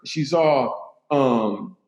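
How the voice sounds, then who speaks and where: A man's voice: mid-range voice, drawn-out words, lo-fi sound. A man telling comic stories in a casual chat as a guest, animating them with put-on voices. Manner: animated, acts out other voices. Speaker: comedian guest. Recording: echoey room.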